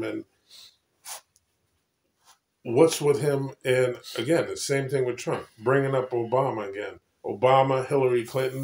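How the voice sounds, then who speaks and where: A man's voice: medium pitch, creaky, darkish tone. A man hosting a casual political chat, blunt and prodding, repeating his points. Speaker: podcast host. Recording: echoey room.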